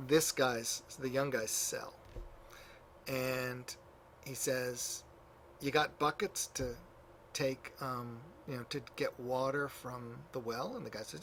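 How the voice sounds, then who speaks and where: A man's voice: medium pitch, moderate pace, slight background noise. Chatty male lecturer retelling a story. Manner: conversational storyteller with many fillers and asides. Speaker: church history teacher. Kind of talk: classroom lecture, retelling stories. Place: classroom.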